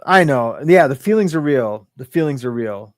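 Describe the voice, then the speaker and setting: A man's voice: mid-range voice, animated, normal speed, no echo. A middle-aged man telling a personal story as a podcast guest, rambling with lots of "right?" and "like", emotional and close to tears.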